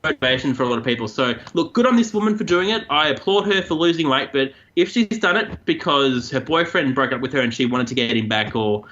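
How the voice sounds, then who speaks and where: A man's voice: medium pitch, fast, few pauses, dull audio. A man, co-hosting a podcast and chatting casually about odd news stories. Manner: chatty, animated storytelling. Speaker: co-host.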